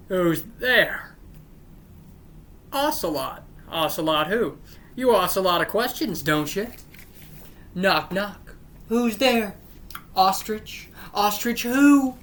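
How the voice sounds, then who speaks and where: A woman with a voice on the low side and a fairly bright tone hosts her channel. She reads a series of jokes aloud, clearly unimpressed, pausing to grumble that they are not funny.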